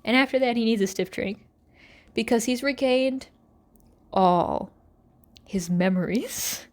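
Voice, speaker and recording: A woman hosting a podcast, recapping episodes in a sarcastic, animated storytelling way and slipping into mock voices for the characters. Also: on the high side, slow pace, long pauses. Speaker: podcast host.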